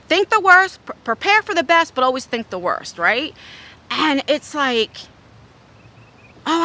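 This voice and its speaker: A middle-aged woman vlogger tells a story in a casual, blunt way. Her voice sits high and swings widely in pitch. Its tone is bright and forceful. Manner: animated, blunt storytelling with swearing.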